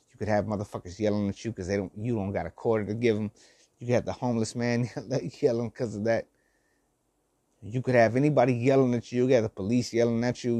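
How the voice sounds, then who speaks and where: A man's voice: fairly low pitch, mellow, no echo. An older man giving heartfelt, repetitive life advice to his listeners, swearing and using slang. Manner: heartfelt, preachy, repeats phrases, swears, slangy. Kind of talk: emotional motivational monologue.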